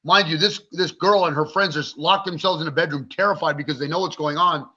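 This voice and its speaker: A man in his forties, speaking as a podcast guest in a fairly high, sharp-edged voice. He tells his story bluntly and vividly, with plenty of swearing. The recording sounds dull and lo-fi. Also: fairly quick, breathy edge. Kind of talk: candid interview storytelling.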